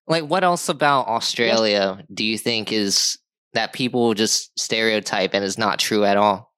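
A man hosts a casual chat, leaning on fillers like "like" as he talks. His voice is bright and forceful, pitched slightly low. The sound is dry and close. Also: unhurried, clear, resonant tone, no room sound. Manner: chatty, filler-heavy with "like". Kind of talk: casual conversation.

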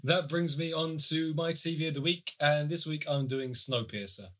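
A man's voice: fairly high pitch, normal speed, pushed and bright. A man co-hosting a podcast, casually summarizing and reviewing a TV series at length, with the odd swear. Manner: chatty, swears casually, long plot summaries.

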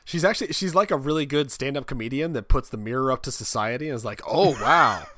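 A man's voice: mid-range voice, quick pace, a bit bright, dry recording, clean studio sound. A man co-hosting a casual comedy podcast, riffing playfully and jumping into silly bits. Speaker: podcast co-host.

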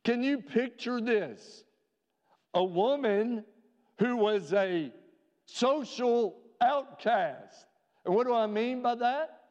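Male pastor, fairly high voice, earnest sermon delivery, dull reverberant sanctuary sound. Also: lively intonation, darkish tone. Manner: earnest preaching with rhetorical questions, slowing for emphasis. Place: church sanctuary. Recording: dull reverberant church recording.

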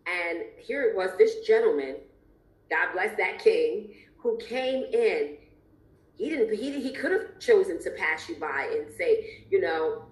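Laughing frequently, this podcast host speaks expressively and with emphasis in a casual interview chat. Her lowish voice has lively intonation and an unhurried pace, and the recording carries a roomy echo.

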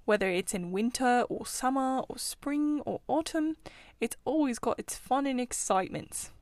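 A woman's voice: a little high, animated, normal speed, a little mellow, no echo, lightly acted. A woman voicing a self-assured male water rat who loves his river, talking in a confident, chatty and somewhat guarded way. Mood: boastful. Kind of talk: storybook reading.

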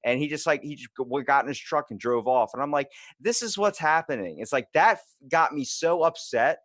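Male podcast guest, animated storyteller, dry close mic. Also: on the high side, dry recording. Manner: fast-talking, animated storytelling. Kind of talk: casual chat.

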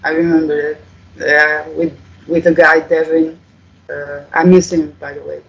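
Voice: mid-range voice, little pitch movement, vocal fry, a bit bright, lo-fi sound. Rambling interview guest. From Netherlands. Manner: rambling, halting, many fillers, swears freely. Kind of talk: casual storytelling.

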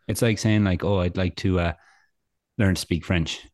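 A man's voice: low-pitched, steady tone, a little fast, a little mellow, dry recording. A young Irish man co-hosting a podcast, talking casually and ranting with dry sarcasm. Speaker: podcast co-host. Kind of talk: casual chat.

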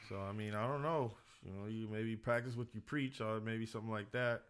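A man's voice: fairly low pitch, steady tone, brisk, clear, resonant tone. A man co-hosting a podcast in casual chat, teasing and laughing. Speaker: podcast co-host.

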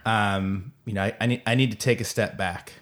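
A man's voice: on the low side, fairly even intonation, moderate pace, fairly bright tone. A man co-hosting a casual sports podcast, talking in a rambling way with lots of stumbling restarts. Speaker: podcast co-host.

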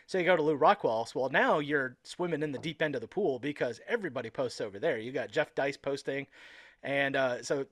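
A man with a mid-range voice talks quickly and loosely as host of a podcast chat. He chimes in with frequent agreement, and the sound is dry and close. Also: mid-range voice, a bit bright, dry recording. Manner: quick and chatty, with frequent affirming "yeah". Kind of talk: casual conversational podcast.

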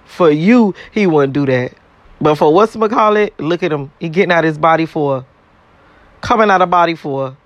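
A man's voice: a little high, fairly quick, no room sound, muffled recording. A man in a casual, blunt, profane rant to his viewers, repeating himself and laughing between points. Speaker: vlogger.

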